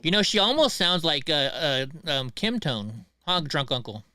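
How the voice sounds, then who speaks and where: A man hosting a casual livestream, chatting with callers and acting out past conversations. His voice is bright and clean, sitting slightly high for a man. The sound is dry and close. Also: normal speed, dry recording. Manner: animated storyteller, acts out both sides of conversations. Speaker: livestream host. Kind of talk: casual group chat on a livestream.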